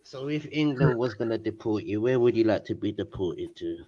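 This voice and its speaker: A man co-hosting a podcast, probing his partner with dry, needling questions. His voice sits fairly low, and the recording sounds muffled and lo-fi. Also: expressive, fairly quick, mellow. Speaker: podcast co-host. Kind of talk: casual chat.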